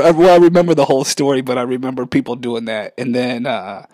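A man's voice: medium pitch, steady tone, quick pace, a little mellow, no echo. Man, 40s, casual rant vlog, rambling, sarcastic, dry close recording. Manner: rambling, sarcastic, self-interrupting. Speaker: vlog host.

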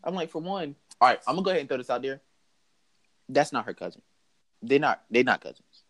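A young man telling a story in casual chat, animated and mocking, laughing as he goes. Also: medium pitch, fast talker. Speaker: podcast host telling a story.

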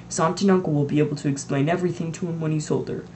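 A teenage reader voicing a wise, calm elderly male wizard headmaster in an amateur audiobook, speaking in measured explanations. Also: mid-range voice, slight background noise, close to an everyday voice.

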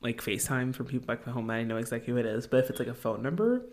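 A woman's voice: extremely low pitch, expressive, rapid-fire, darkish tone. A woman in her late twenties co-hosting a podcast, chatting casually with many fillers and easy laughs. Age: late 20s. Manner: rambling, filler-heavy, laughs easily. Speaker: podcast co-host. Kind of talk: casual chat.

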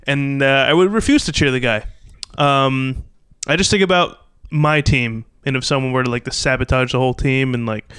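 A young man from the New York area hosting a casual sports podcast, animated and blunt, acting out little quoted exchanges. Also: mid-range voice, moderate pace, clean tone, dry recording. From New York metropolitan area. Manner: animated, talks in restarts and acted-out quotes, blunt opinions. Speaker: podcast host.

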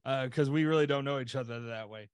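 A man's voice: medium pitch, fast, smooth, no room sound. A man co-hosting a podcast, telling a story in casual chat with lots of "like" fillers. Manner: rambling storyteller, many "like" fillers. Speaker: podcast co-host.

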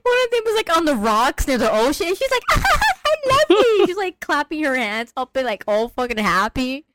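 A woman chatting casually about a film, animated and slangy, often mimicking characters in high voices. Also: a little fast, heavy background noise. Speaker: podcast co-host discussing a film. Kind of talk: casual chat.

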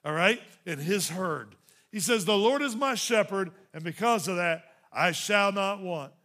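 A man preaching a sermon as pastor, building into emphatic runs and dropping into softer asides to the congregation. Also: high voice, animated, measured pace.

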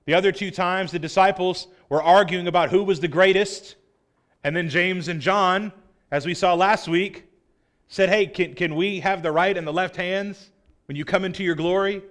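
A high-pitched man delivers a Sunday sermon. He teaches earnestly, then slips into relaxed, chatty asides to his congregation. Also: moderate pace. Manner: earnest, conversational preaching with casual asides. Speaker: pastor.

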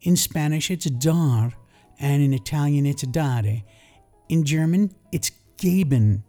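A middle-aged man with a New York accent reads his English lesson podcast in a calm, explanatory way. His voice sounds warm and mellow, with touches of dry humor. Faint music plays behind him. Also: a little high, measured pace. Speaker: English teacher and podcast host.

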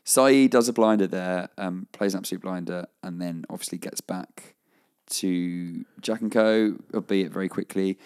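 A man's voice: low voice, normal speed, darkish tone, clear, resonant tone. A man, co-hosting a casual podcast chat, talking with eager enthusiasm and frequent laughter. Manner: enthusiastic, rambling, laughs often. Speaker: podcast co-host. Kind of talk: casual chat recapping a TV episode.

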